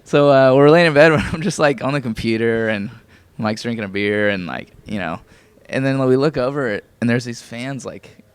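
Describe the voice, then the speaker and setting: A man in a band chatting casually in an interview, joking and filling gaps with "like" and "um", his voice a bit hoarse. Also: mid-range voice, normal speed, hardly any pauses. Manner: relaxed, joking, lots of fillers. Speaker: band member.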